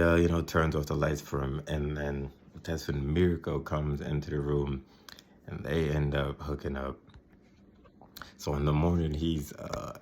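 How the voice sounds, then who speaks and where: A man casually recapping a TV episode, rambling, laughing often and mimicking the characters. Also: extremely low pitch. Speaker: video host recapping a TV episode.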